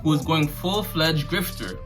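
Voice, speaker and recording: A man's voice: a little high, expressive, measured pace, over music. A man hosting a casual commentary vlog, talking in slangy, sarcastic and mocking asides. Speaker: commentary channel host.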